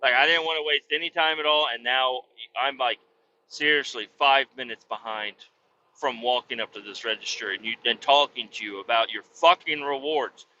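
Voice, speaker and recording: A man's voice: medium pitch, moderate pace, bright, forceful tone, slight background noise. A man hosting a podcast, telling a comic story in an exasperated, heavily profane rant, on a dull lo-fi recording. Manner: exasperated ranting, heavy swearing, frequent restarts. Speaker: podcast host.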